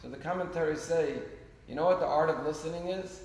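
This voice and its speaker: A man's voice: on the high side, a little fast, gravelly. A man giving a sermon as a rabbi, telling stories earnestly with his volume rising and falling. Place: synagogue sanctuary. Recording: echoey sanctuary with long reverb, faint noise.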